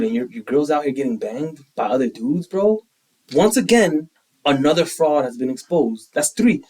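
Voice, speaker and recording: A young man co-hosting a podcast in casual, opinionated chat, animated and quick to act out quotes. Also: medium pitch, recorded from a distance, poor audio. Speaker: podcast co-host.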